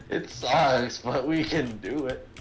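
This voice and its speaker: A man's voice: mid-range voice, slow pace, a little hiss or hum. A young man in casual gaming banter with a friend, laid-back with dry, mumbled asides. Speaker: gamer on voice chat.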